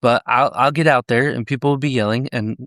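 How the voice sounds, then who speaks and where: A man's voice: medium pitch, steady tone, fairly quick, a bit bright, no echo, clean studio sound. A man, a police officer, telling stories in a casual, blunt and profane way, slipping into the voices of the people he quotes. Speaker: police officer, podcast guest. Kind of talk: casual storytelling chat.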